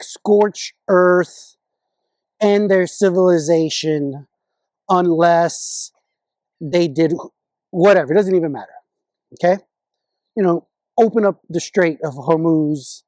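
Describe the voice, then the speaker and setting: A man's voice: sits high, darkish tone, no room sound. A man vlogging his political opinions in a casual monologue, confident but often restarting and correcting himself mid-sentence.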